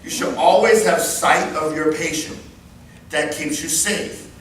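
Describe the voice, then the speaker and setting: A man in his fifties running a live workplace safety training class, animated and joking as he demonstrates moves. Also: on the high side, unhurried, slight background noise. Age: 50s. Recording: very echoey room, far mic, faint ambience.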